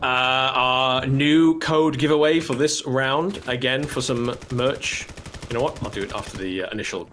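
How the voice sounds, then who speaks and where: A man calling a live esports match play-by-play, bursting into high shouts at big plays. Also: moderate pace, a little hiss or hum. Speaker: esports caster.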